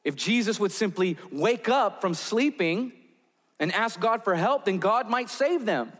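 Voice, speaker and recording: In a large, reverberant hall, a pastor preaches in an animated, unhurried way, his slightly high voice carrying a bit of brightness. Tension builds as he leads listeners through vivid scenes of his own imagining.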